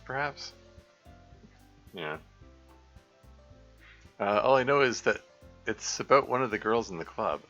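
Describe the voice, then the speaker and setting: A man's voice: lowish voice, animated, a little slow, pauses often, fairly bright tone, muffled recording, faint music behind. A man streaming a visual novel playthrough, reading it aloud and adding chuckling, self-interrupting commentary.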